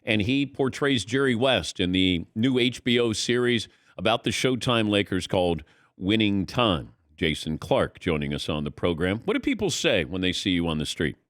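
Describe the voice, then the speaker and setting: A man's voice: lowish voice, big pitch swings, normal speed, fairly bright tone, no room sound, studio quality. A man hosting a sports talk show, introducing and questioning a guest in a conversational, storytelling way. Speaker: radio talk show host. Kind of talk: interview questions and banter.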